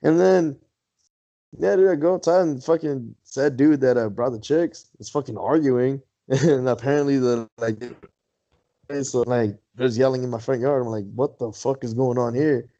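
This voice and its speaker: A man's voice: mid-range voice, normal speed, dark tone. A man on a podcast, casually telling a story, swearing a lot and laughing as he goes. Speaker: podcast co-host. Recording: dull lo-fi sound.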